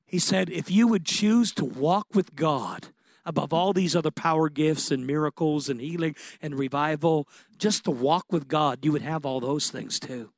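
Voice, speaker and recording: High-voiced impassioned male preacher. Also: moderate pace, vocal fry, no room sound. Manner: impassioned, building to excited peaks. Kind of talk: sermon.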